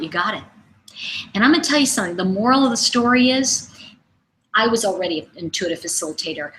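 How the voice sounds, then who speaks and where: A middle-aged woman coaching in a webinar, telling personal stories and asking her listeners questions in a lively, conversational way. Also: medium pitch, low-quality recording. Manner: animated, conversational, asks the audience questions. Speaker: intuition coach. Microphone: webinar microphone.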